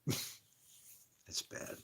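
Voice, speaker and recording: An older man hosting a casual livestream, rambling, emotional and laughing often, swinging between loud and quiet. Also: extremely slow. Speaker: livestream host.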